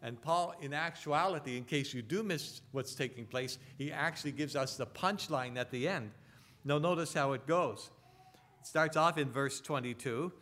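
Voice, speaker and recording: A man delivers a sermon in a conversational preaching style, his voice sitting a little higher than most. He throws rhetorical tag questions at his listeners and slows down to read scripture deliberately. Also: fairly bright tone. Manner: reads scripture slowly and deliberately. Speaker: pastor.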